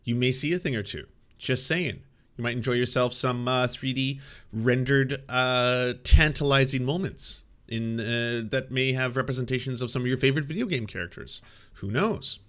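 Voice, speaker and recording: A man with a bright, forward voice reacts to a stream in a wry, sarcastic way. He jokes along casually and keeps his tone dry. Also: medium pitch, normal speed. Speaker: show co-host.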